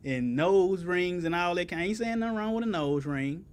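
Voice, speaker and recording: A man's voice: high voice, normal speed, clean tone. A man preaching a sermon in folksy vernacular, asking the congregation for answers and building to emphatic peaks.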